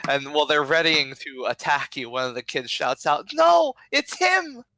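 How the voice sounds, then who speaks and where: A game master narrating a tabletop game, reacting with quick exclamations. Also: medium pitch, steady tone, sharp tone, slight background noise.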